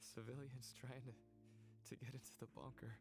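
An actor playing a dying man in a video game, speaking in an earnest, halting, pleading way. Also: mid-range voice, little pitch movement, natural voice. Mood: confessing. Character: dying man making a last confession. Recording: game audio with music behind.

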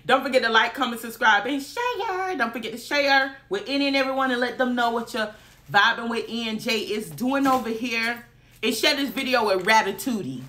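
Animated woman telling a story. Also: fairly high pitch, moderate pace. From Alabama. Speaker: vlogger. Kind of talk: casual storytime.

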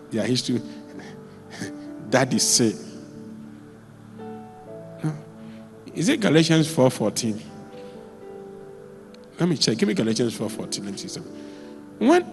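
Male pastor, animated storyteller, mid pitch, in a church hall with long reverb. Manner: animated storytelling, with sudden jumps in pitch and volume. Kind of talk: sermon.

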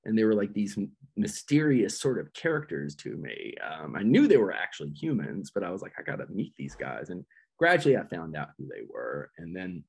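Man, middle-aged, husky voice, lively pitch, casual profane storytelling, podcast mic. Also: brisk. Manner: animated, profane, jumps into high-pitched quoted voices. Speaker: podcast guest, metal vocalist.

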